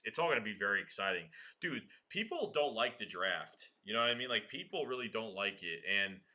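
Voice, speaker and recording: A man hosting a casual livestream, slangy and excitable, swearing and laughing often. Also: lowish voice. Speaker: livestream host.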